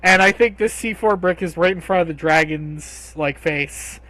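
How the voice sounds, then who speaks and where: A man narrating a tabletop game as game master, telling the scene in a measured, descriptive way. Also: high voice, bright, forceful tone, no room sound.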